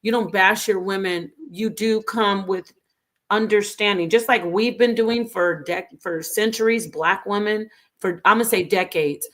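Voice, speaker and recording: A woman's voice: medium pitch, unhurried, a bit bright. A woman hosting a casual commentary show, speaking in an earnest, critical and emphatic way. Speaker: host.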